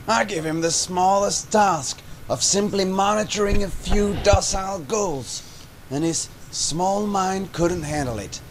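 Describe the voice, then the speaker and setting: A man's voice: mid-range voice, gravelly, a little hiss or hum. An actor playing a condescending male scientist with a Russian-sounding accent, sneering at and scolding his assistant.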